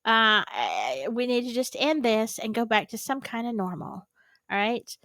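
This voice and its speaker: A woman hosts a casual reaction video in a loose, rambling manner full of fillers and restarts. Her voice sits a little high. The sound is dry and close, with no room around it. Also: normal speed, dry recording. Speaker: host.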